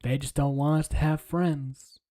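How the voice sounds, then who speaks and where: Give me a heated, foul-mouthed streamer ranting live at a medium pitch. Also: steady tone, measured pace, warm tone. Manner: crude, profane, heated ranting. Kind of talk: casual livestream rant.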